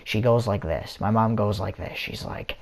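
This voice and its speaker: Young guy rambling a storytime vlog, kinda low voice, lots of ums and restarts. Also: normal speed, gravelly. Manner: rambling, many restarts and fillers. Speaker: vlogger. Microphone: console or headset mic.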